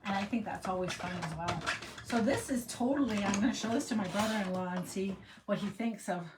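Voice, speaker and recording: This middle-aged crafter chats and rambles through her tutorial, talking to herself while she works in a casual demo. Her mid-range voice moves fairly quickly, and the audio is very noisy.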